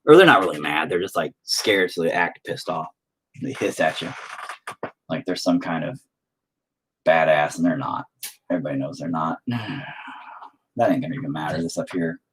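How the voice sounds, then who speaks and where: A man's voice: a bass voice, moderate pace, pauses often, fairly bright tone, slight background noise. Give me a profane, self-deprecating man rambling casually to his stream viewers as he paints. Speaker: livestreaming painter reading chat.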